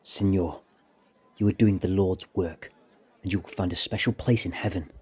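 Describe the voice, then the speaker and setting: A man voicing an elderly male Spanish merchant with a Spanish accent, slow and lilting. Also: low voice, steady tone, breathy edge. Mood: fervent.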